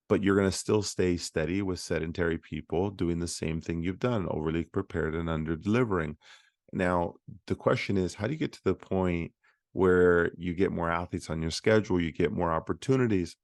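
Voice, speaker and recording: A man's voice: low-pitched, a little fast, creaky, a little mellow, no echo, studio quality. A man hosting a solo podcast for physical therapists, talking in a conversational, motivational way with frequent fillers. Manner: conversational, many fillers and restarts.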